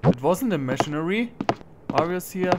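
A man's voice: a little high, lively intonation, normal speed, very noisy. A man giving let's play commentary on a horror game, talking to himself and yelping when he is startled. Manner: jumpy, talks to himself, yelps when startled.

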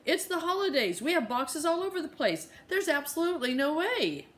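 A woman's voice: medium pitch, animated, moderate pace, fairly bright tone, close to an everyday voice. A woman reading as an exasperated, terse mother. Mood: annoyed. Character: frazzled, sharp-tongued mother on a phone call.

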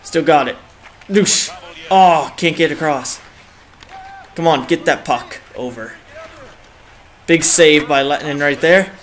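A young man giving excitable live commentary on his own video game match, groaning and cheering at each play, his throat a bit dry. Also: on the high side, slow, long pauses. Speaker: gaming channel host.

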